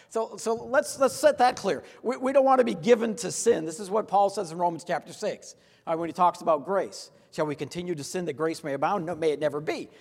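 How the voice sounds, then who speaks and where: A man with a high voice preaches a sermon in a church sanctuary. He speaks earnestly and leads the congregation in call-and-response. His voice rings with long hall reverb. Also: brisk, creaky. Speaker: pastor.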